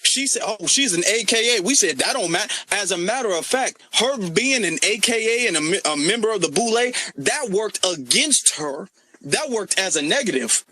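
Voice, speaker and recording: A man's voice: sits high, pushed and bright, no echo. A man giving impassioned political commentary in an audio chat room, emphatic and repetitive.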